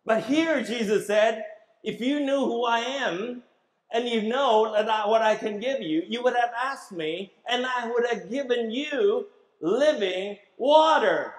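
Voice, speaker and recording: A man's voice: extremely high pitch, unhurried, reverberant, poor audio. A man preaching a sermon as pastor, emphatic, asking the congregation questions and having them repeat words after him.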